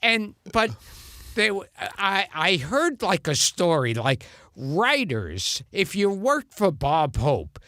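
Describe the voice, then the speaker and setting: A man's voice: high-pitched, big pitch swings, slow, sharp tone, no room sound, studio quality. A man telling comic show-business anecdotes in casual chat, stammering and restarting as he acts out quotes. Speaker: comedian guest.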